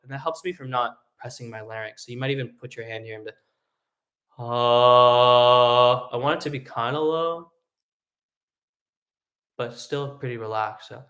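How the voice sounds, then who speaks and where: A man who sings tenor, teaching a live singing lesson in a relaxed, explanatory way, with hummed and sung demonstrations. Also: medium pitch, fairly quick. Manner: explains casually, demonstrates hums and sung vowels.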